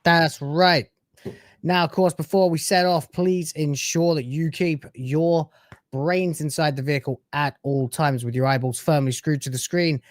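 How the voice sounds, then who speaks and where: A man's voice: on the high side, fairly even intonation, unhurried, no room sound, clean studio sound. A man hosting a live stream, chatting casually with brash, sarcastic, crude banter.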